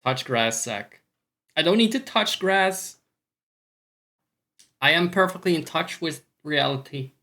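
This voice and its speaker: A man's voice: fairly high pitch, sing-song, slow pace, long pauses, sharp tone. A man with a Scottish accent chatting casually on a live stream, rambling, swearing freely and joking at his own expense. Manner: rambling, sweary, self-mocking.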